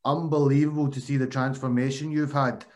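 A man's voice: mid-range voice, flat delivery, a little fast. A man hosting a casual interview, friendly and chatty. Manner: friendly, calls the guest mate. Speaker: podcast host.

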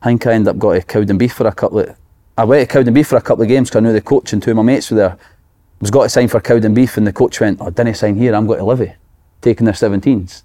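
A man's voice: on the low side, very fast, warm tone. A Scottish man, a former footballer, telling casual stories about his playing days, dotted with "aye" and "mate". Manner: laid-back storytelling, frequent "aye" and "mate". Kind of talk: casual chat.

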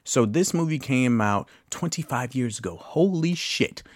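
A man in his late thirties hosts a podcast, chatting casually about a film with loose asides and the odd curse word. His voice is medium-pitched and animated at a moderate pace, recorded at studio quality with no echo.

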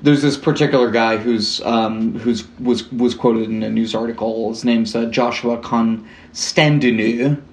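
A man's voice: mid-range voice, fairly even intonation, measured pace. A man talks through a true-crime story in a casual podcast chat. He rambles and jokes, cutting himself off and starting sentences over. His mid-range voice rings a little in an echoey room. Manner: rambling, self-interrupting, joking. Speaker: podcast host.

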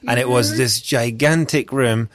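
Excitable Scottish chef, loose and sweary, mid-pitched, close dry sound. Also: male voice, measured pace, no room sound. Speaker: chef guest. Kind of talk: casual storytelling chat.

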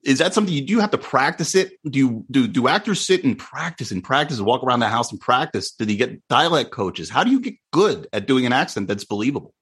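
A man with a husky, lower-pitched voice hosts a podcast interview. He talks quickly and asks eager questions, his tone swinging with enthusiasm. His delivery is casual and conversational. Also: sing-song, a bit bright. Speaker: podcast host.

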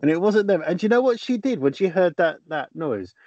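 A man's voice: high voice, lively intonation, a little fast, darkish tone, no room sound, lo-fi sound. A man, co-hosting a podcast and telling a news story with a casual, teasing manner. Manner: storytelling with fillers and teasing questions. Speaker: podcast co-host reading news stories. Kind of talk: casual chat.

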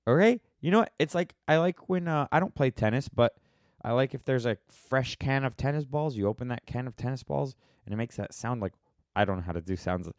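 A man's voice: mid-range voice, a little fast, dry recording, clean studio sound. An American man hosting a casual solo podcast, rambling and wry as he stops and restarts his thoughts while answering listener questions. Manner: rambling, self-interrupting, wry.

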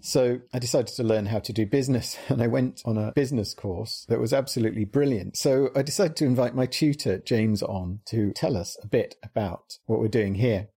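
A man's voice: mid-range voice, brisk, vocal fry, few pauses, mellow, breathy edge. A man co-hosting a podcast, chatting casually with jokes and self-deprecating laughter. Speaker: podcast co-host. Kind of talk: casual chat.

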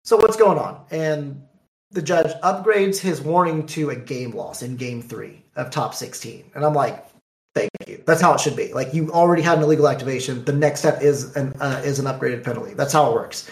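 A man telling a card tournament story in casual talk, animated, acting out the dialogue. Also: medium pitch, moderate pace. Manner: animated, acts out dialogue in quotes. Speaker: card game player. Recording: echoey room.

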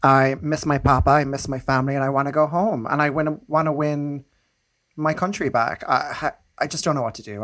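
A man co-hosting a comedy podcast in a camp character, talking in a quick, gushing way. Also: on the high side, fairly even intonation, fairly bright tone, no echo, studio quality. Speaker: co-host in a comic persona. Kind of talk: improvised comedy role-play.

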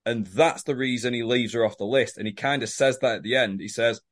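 A man's voice: mid-range voice, a little fast. A man co-hosting a podcast, teasing and correcting his co-host in sweary casual chat.

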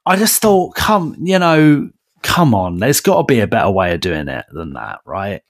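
A man, co-hosting a podcast in casual, animated chat, often ranting and restarting his sentences. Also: lowish voice, moderate pace. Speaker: podcast co-host.

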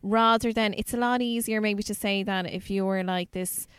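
A young woman co-hosting a podcast, talking in a blunt, sweary, animated way. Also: mid-range voice, normal speed, clean tone, no room sound. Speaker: podcast co-host. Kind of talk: casual chat.

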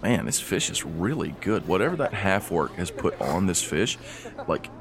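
Man, very deep voice, game master, casual rambling tabletop narration. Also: very animated, normal speed, crowd noise. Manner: loose, rambling narration with fillers.

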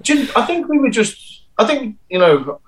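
A man's voice: very high-pitched, sing-song, normal speed, poor audio. A man, a stunt performer and actor, chatting in an interview and telling stories animatedly with many restarts and stammers. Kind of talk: casual interview chat.

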